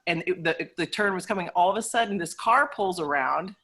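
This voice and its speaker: A woman participant telling a personal story in a lively way, acting out the people in it. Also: on the low side, fairly quick, husky. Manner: lively storytelling, acts out voices. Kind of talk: personal story in a group chat.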